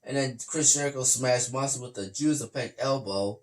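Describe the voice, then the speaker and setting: Male podcast host, average pitch, reading results aloud, fumbles names. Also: fairly quick. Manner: reads match results aloud, stumbles over names. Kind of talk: reading recaps in casual chat.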